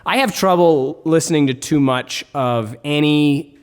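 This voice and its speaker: A man's voice: fairly high pitch, unhurried, clean tone, in a large hall. A man in his thirties with a Canadian accent, a comedian guest chatting casually in an interview and acting out little stories from his life. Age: 30s. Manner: relaxed storytelling, acting out quoted exchanges.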